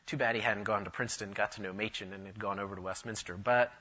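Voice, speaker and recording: A man gives an enthusiastic conference lecture on church history, with dry humor and wandering asides. His voice is bright, forceful, and husky, lowish with fairly even intonation and a fast pace, in a dull, lo-fi recording.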